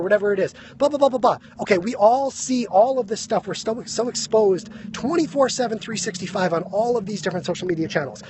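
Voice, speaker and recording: Breathless, fast-talking motivational man. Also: sits high, a little mellow, a little hiss or hum. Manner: fast, emphatic, keeps asking "right?". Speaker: motivational speaker live-streaming. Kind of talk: energetic motivational talk to viewers. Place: high school grounds. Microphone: phone live stream.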